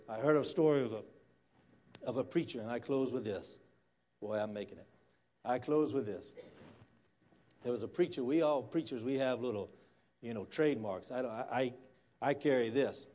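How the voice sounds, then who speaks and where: In a church sanctuary, a male guest pastor with a medium-pitched voice delivers a sermon like a folksy storyteller. He swings between quiet murmurs and loud, fired-up preaching.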